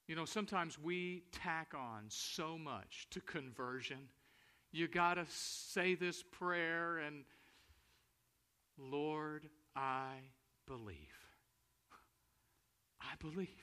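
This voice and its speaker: A man preaching a sermon, reading scripture aloud and pressing his points with emphatic repetition and slow, weighty phrases. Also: high voice, bright, forceful tone. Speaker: pastor.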